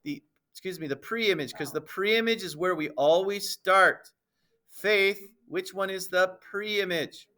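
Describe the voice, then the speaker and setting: A man with a high-pitched voice teaches a middle school math class at a measured pace. He's playful and emphatic, calls his students "ladies and gentlemen," and keeps checking that everyone follows.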